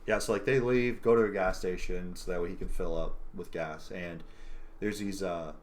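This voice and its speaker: A man's voice: low voice, steady tone, normal speed. A young man co-hosting a casual podcast, rambling through a film scene with many fillers and quoted lines. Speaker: podcast co-host. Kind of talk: casual chat.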